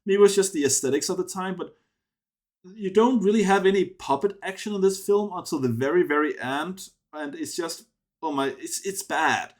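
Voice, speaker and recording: A man's voice: high-pitched, normal speed. A man giving a casual spoken film review, rambling with many restarts and sounding dismissive and sardonic.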